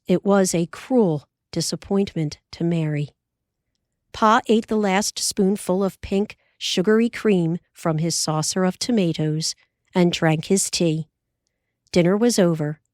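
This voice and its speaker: A woman narrating an audiobook in a measured, unhurried way. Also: lowish voice, darkish tone, no echo, studio quality. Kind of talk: scripted narration.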